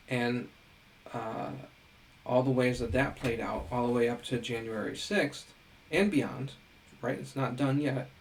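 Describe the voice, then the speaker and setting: A middle-aged man gives a recorded lecture in a relaxed, conversational way, with a gravelly edge to his voice. He sits at a middle pitch for a man and keeps asking his listeners rhetorical questions. He punctuates his points with a quick "right?". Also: slight background noise, rough recording. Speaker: education lecturer.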